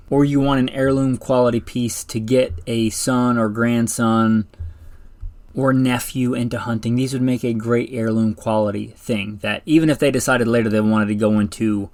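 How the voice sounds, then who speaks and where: A man's voice: medium pitch, dry recording. A man hosting a firearms show, talking casually and enthusiastically, rambling a little and correcting himself. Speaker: firearms podcast host. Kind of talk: casual solo talk about rifles.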